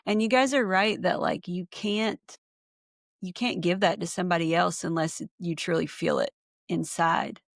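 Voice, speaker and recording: A woman's voice: on the low side, fairly even intonation, moderate pace, gravelly, dry recording, studio quality. A woman hosting a casual podcast chat, thinking aloud with lots of fillers and enthusiasm. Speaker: podcast host, therapist. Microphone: remote call.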